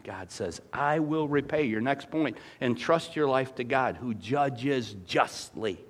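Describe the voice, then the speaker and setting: A man preaching a sermon, telling stories with big swings from quiet, low passages to loud, excited ones. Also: unhurried, hardly any pauses. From former dairy farmer. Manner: animated storytelling, swings from soft to loud. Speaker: pastor.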